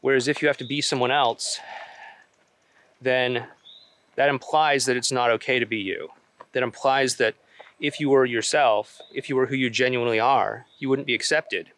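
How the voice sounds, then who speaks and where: A man's voice: medium pitch, steady tone, moderate pace, a bit bright. A young adult man, a relationship coach, talking earnestly on a walk outdoors in a forest, with fillers and restarts. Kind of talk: casual advice vlog.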